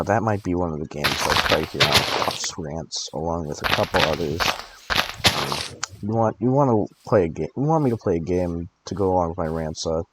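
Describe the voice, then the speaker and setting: A deep-voiced young man of eighteen, tired and groggy, rambles through late-night gaming commentary with drowsy joking asides. Steady clicking sounds run under his voice. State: tired and groggy from allergy pills. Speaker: gaming channel host. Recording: clicking noise over the voice.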